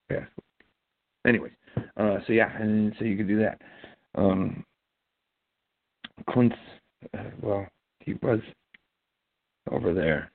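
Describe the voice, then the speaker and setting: A man's voice: deep voice, vocal fry, dry recording. A man from Ohio hosting a casual internet radio show, rambling and hesitant with many fillers. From Ohio, USA. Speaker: host. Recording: dry tinny phone-line audio.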